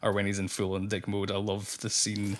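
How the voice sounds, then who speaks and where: A man's voice: fairly low pitch, completely flat delivery, fairly quick, a little hiss or hum. A man co-hosting a casual film podcast, laughing often and stopping to restart his sentences. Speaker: podcast co-host.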